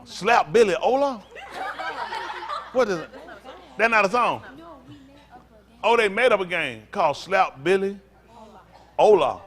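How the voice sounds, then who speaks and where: A pastor joking and teasing his congregation in a playful, animated sermon, laughing often. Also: sits high, unhurried, pauses often.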